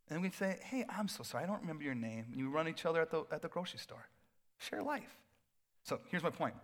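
A man preaching a sermon as pastor, in a casual, animated way with playful asides. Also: a little high.

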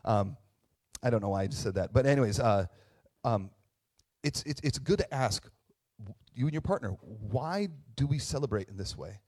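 A man's voice: medium pitch, lively intonation, normal speed, pauses often, darkish tone. A man in his thirties, a pastor, giving a casual conversational sermon, chatty with tag questions and restarts, joking at his own expense. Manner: self-deprecating humor.

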